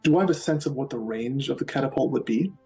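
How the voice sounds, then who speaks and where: Mid-pitched man thinking aloud. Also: quick pace, warm tone, faint music behind, poor audio. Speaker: player. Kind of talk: casual game talk.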